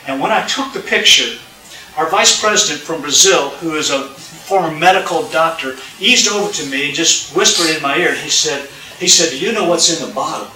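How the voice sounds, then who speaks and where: A preacher tells a story in his sermon, acting out its voices and calling out to the congregation. His voice is bright and forceful, a touch high for a man. It rings through a roomy church, picked up from a distance. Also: moderate pace. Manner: animated, acts out dialogue, addresses congregation. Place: church sanctuary. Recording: roomy sound from a distant mic.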